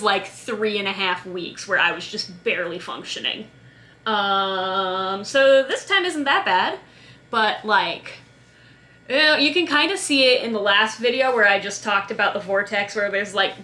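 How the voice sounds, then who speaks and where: A woman's voice: mid-range voice, bright, forceful tone. A young woman chatting in a scattered, self-mocking way in a casual vlog, talking to the camera while she cooks. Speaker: vlogger.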